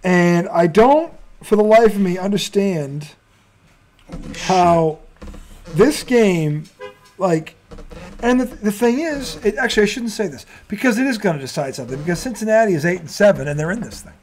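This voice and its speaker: A man's voice: high-pitched, lively intonation, a little mellow. A man hosting a sports talk show, ranting and swearing freely in a casual debate and laughing often. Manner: profane, ranting, quick to laugh.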